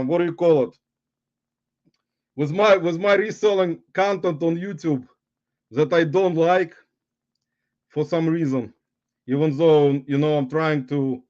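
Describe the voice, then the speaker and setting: A man's voice: fairly high pitch, darkish tone, highs cut off. A man hosting a casual livestream, rambling and hesitant with many fillers, chuckling and greeting viewers by name. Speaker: YouTube livestream host, reseller.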